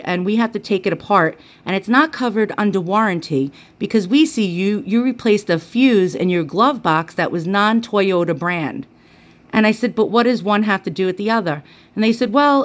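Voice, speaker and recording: A woman vlogger telling a personal story in a chatty, animated way, with lots of fillers and quoted dialogue. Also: medium pitch. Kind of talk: casual storytelling.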